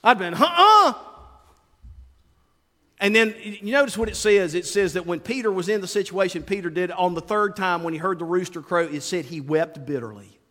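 A male pastor preaching an animated sermon to his congregation, acting out the quotes he tells and calling out to people in the pews. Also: sits high, brisk, hardly any pauses. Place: church sanctuary. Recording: long reverb of a large hall.

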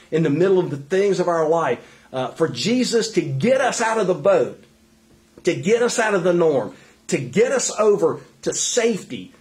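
A man's voice: on the high side, a little mellow. A man preaching a sermon in an earnest, conversational way, with frequent fillers and restarts. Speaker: pastor.

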